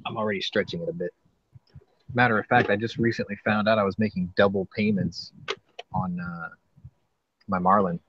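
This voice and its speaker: A man's voice: fairly low pitch, steady tone, moderate pace, pauses often, husky, no echo. A man hosting a casual podcast chat, rambling and profane, often restarting his sentences. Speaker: podcast host. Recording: dull lo-fi with faint noise.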